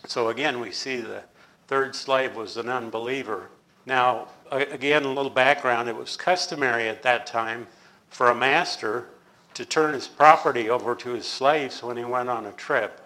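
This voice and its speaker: Male Bible teacher, measured and explanatory, average pitch. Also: fairly even intonation, bright, forceful tone, poor audio. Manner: measured, explanatory, with small restarts.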